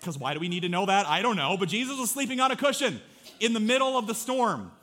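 Fast and high-pitched, a pastor in his thirties preaches an animated sermon in a conversational style. He brings to life short quotes from his family and listeners by acting them out.

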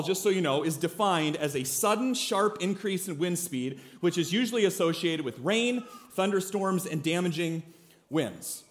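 Male pastor, high voice, emphatic and conversational sermon delivery, keeps checking in with the congregation. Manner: emphatic, calls on the congregation to respond; conversational, with frequent "right?" and "okay?" check-ins.

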